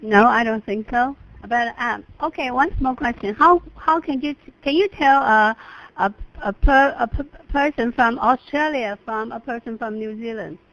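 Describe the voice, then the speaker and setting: Woman in english class, kinda high voice, stumbles a bit asking things. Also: moderate pace, a bit bright, rough recording. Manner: hesitant questions. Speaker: class participant. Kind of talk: classroom conversation.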